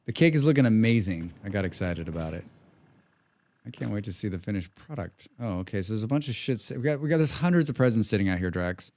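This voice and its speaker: A man's voice: lowish voice, lively intonation, quick pace, a little mellow. A man streaming a building game, chatting casually with viewers, rambling, humming and muttering to himself, with the odd casual swear. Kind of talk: casual live-stream chat while playing.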